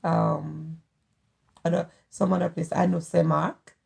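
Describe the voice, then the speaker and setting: Haitian-accented middle-aged woman, rough creaky rasp, lowish voice; earnest, repeats herself. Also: flat delivery, darkish tone. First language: Haitian Creole. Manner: earnest, halting, repeats phrases. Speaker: guest, host's mother. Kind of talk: casual family interview.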